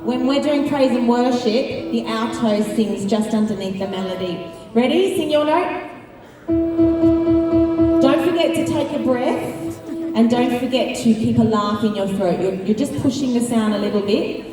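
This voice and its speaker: A woman's voice: a little high, measured pace, music in the background. Woman vocal coach, encouraging and upbeat, sings to demonstrate; far-off, roomy sound with choir singing behind. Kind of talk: leading a live vocal workshop. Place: large auditorium with a crowd of singers.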